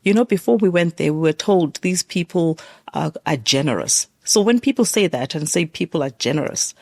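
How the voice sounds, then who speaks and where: A woman's voice: on the low side, lively intonation, brisk. A woman from South Africa, a guest in a casual interview conversation, who talks with many fillers and restarts.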